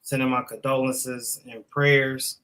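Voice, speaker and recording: A man's voice: mid-range voice, flat delivery, slow, a bit bright. A man co-hosting a casual podcast, upbeat, reading sponsor plugs and telling stories. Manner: upbeat, reads sponsor ads, tells stories. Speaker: podcast co-host. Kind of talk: casual live-stream chat.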